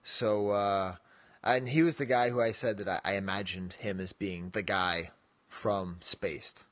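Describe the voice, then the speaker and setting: A man's voice: lowish voice, fairly even intonation, unhurried, fairly bright tone, no echo. Rambling, jokey male podcast co-host. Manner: rambling and jokey, laughs often, trails off with "so". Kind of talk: casual chat.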